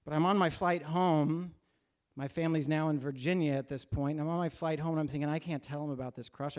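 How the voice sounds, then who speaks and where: A man's voice: a little high, a little mellow. A man in his forties telling a true personal story on stage at a live storytelling event, candid and earnest, with wry self-deprecating touches.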